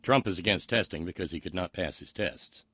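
Sardonic low-voiced talk radio host. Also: male voice, fairly quick, a bit bright, breathy edge, no echo. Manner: profane, mocking, reads listener messages aloud. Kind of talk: sardonic commentary over press briefing clips.

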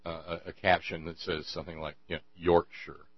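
A man's voice: low-pitched, flat delivery, fast talker, no echo, dull audio. A man hosting a show, rambling sarcastically in casual commentary, stumbling over restarts.

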